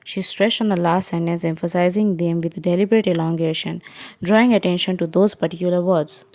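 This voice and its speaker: A woman narrating a second-person fan fiction story in an even, unhurried way. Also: lowish voice, dry recording.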